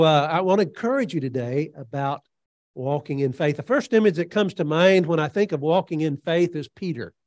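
A man with a slightly higher voice delivers an earnest sermon, pausing often on fillers while he retells a scripture story. The sound is dry and close, with almost no room echo. He drops low and quiet on reflective lines, then lifts his voice for quoted speech. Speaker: preacher.

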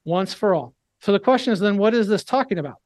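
High-voiced man preaching a sermon. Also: animated, a little mellow, no echo. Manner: earnest, emphatic preaching with slow scripture reading.

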